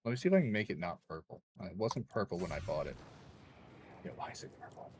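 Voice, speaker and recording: A man's voice: low-pitched, very animated, fast talker, a little hiss or hum. A young man streaming a game, rambling and joking with chat in a loose, crude way. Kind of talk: casual gaming stream chat.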